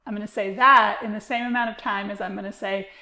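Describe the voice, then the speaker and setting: A woman's voice: mid-range voice, fairly even intonation, fast talker, sharp tone, roomy sound. A woman teacher giving a recorded lecture, explaining with frequent uh and um fillers. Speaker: literature teacher.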